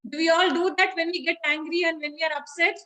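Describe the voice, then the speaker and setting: A woman's voice: very high voice, fairly even intonation, quick pace, sharp tone, low-quality recording. A woman, teaching children by retelling a story in a chatty way, with many fillers and questions to the class.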